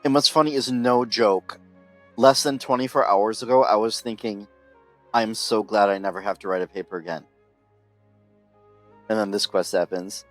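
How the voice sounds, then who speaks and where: Male streamer, low voice, wry jokey asides, casual commentary, faint game music. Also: steady tone, moderate pace, long pauses.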